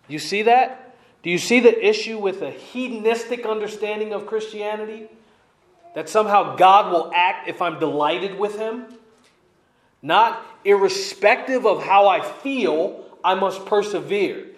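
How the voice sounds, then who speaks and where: A man's voice: high voice, unhurried. A man preaches a verse-by-verse sermon in a slightly raised voice. He is emphatic and drives his points home by repeating them. The sound is echoey, as in a church sanctuary. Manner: emphatic, repeats key lines. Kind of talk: expository sermon.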